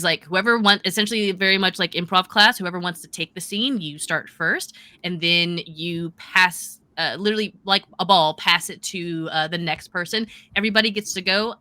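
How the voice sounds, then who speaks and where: Bright-voiced woman running a tabletop game. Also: on the low side, no echo. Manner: casual, filler-heavy, explains rules. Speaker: game master.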